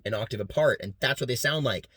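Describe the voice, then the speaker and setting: Here a medium-pitched, slightly bright male voice, recorded at studio quality without echo, delivers a casual class presentation. He talks fast about vocal sounds and demonstrates each with beatboxing between his sentences.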